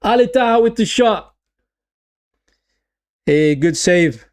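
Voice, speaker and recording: Reading chat messages aloud and repeating himself, a man gets excited over the play while commentating a live football watch-along. He sits high in pitch and takes it slowly.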